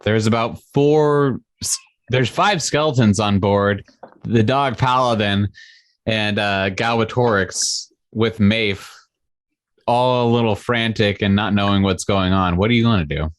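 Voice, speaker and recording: A man running a tabletop game as game master, with a quick, easygoing manner. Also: lowish voice, dry recording.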